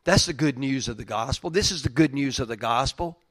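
A middle-aged male pastor preaching a sermon, dropping to quiet, hushed lines and then rising to loud, fervent preaching. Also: medium pitch, brisk, hardly any pauses, no room sound, clean studio sound.

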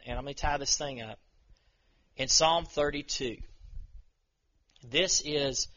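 A man preaches to a group of men in an earnest, plain-spoken way, slowing down to read scripture aloud. His voice is gravelly with a bright, forward edge. The recording is muffled and lo-fi. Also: medium pitch. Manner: earnest, reads scripture slowly then talks plainly. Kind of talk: informal sermon.

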